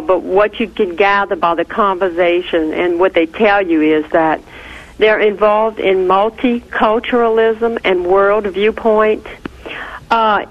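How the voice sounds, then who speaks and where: A woman from Louisiana calls in to a talk show. She asks her question hesitantly with many fillers, in a mid-pitched voice. The call sounds dull and muffled. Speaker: caller.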